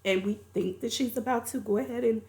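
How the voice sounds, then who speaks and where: A woman's voice: a little high, a little fast, darkish tone. A woman reviewing a movie, recapping the plot in a chatty, colloquial storytelling way.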